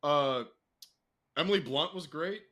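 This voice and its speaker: A young man co-hosting a casual podcast, talking freely with swearing and laughter, jumping into a high excited voice. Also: a little slow. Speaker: podcast co-host. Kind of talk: casual chat.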